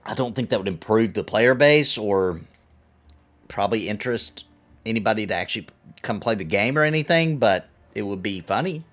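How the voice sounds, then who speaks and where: At a normal speed, a man with a fairly low, fairly bright voice and lively intonation chats with viewers during an online game stream. He's jokey and relaxed, addressing both his chat and the game and teasing things in it.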